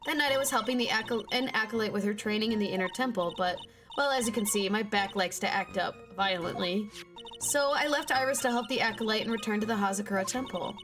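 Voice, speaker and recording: A woman's voice: medium pitch, fast talker, natural voice. A woman voicing a chatty older nun with a bad back, using a put-on country accent. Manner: folksy, chatty and self-pleased. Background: game music.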